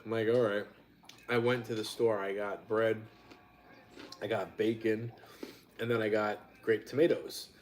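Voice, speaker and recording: A man's voice: fairly low pitch, little pitch movement, a little slow, long pauses, slight background noise. A man hosting a casual live-stream chat, telling stories bluntly and wryly and swearing freely. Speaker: host.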